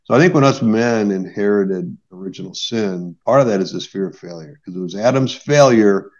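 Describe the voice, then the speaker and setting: A middle-aged man speaks as a marriage therapist on a podcast, earnest and explanatory, tagging his points with quick checks to the listener. His voice sits on the lower side. The recording is dull and lo-fi. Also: a little mellow. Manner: earnest, explains with examples, many "right?" tags. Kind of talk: conversational podcast advice.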